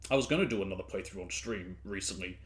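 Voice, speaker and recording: A young man chatting casually to his stream while playing, rambling with quick asides. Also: deep voice. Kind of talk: casual gameplay commentary.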